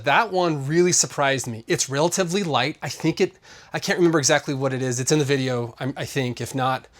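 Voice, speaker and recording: A man's voice: medium pitch, a bit bright. Casual man reviewing gear. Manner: casual, rambling, lots of fillers. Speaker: host.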